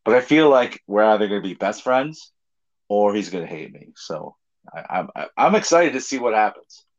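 A man's voice: lowish voice, expressive, normal speed. A man co-hosting a podcast in casual chat, rambling and laughing often. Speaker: podcast co-host. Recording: dull lo-fi sound.

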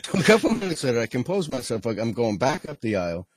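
A man's voice: mid-range voice, sing-song, fast, dry recording, poor audio. A man, hosting a podcast and telling a rambling comic story, chuckling often and restarting his sentences. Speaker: podcast host. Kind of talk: casual comedic storytelling.

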